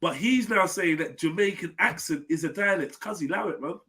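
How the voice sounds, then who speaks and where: A man's voice: sits high, fairly quick, pushed and bright, husky. A man hosting a live online panel, bantering in slang and steering the talk. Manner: joking, slangy, keeps steering the chat. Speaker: host of a live panel stream. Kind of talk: casual group banter.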